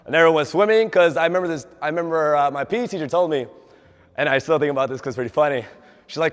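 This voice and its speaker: A man's voice: a little high, fast. A young man, a fitness trainer, giving a casual motivational talk to a group, often asking them questions and acting out quoted dialogue. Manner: chatty, asks the audience questions, acts out quoted dialogue. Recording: long hall reverb.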